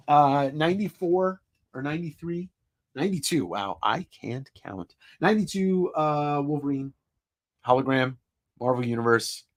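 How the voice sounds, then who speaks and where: A man's voice: medium pitch, dry recording, studio quality. Profane, jokey male livestream host. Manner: jokey, swears freely, reacts to chat comments, laughs often. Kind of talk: casual live-stream chat.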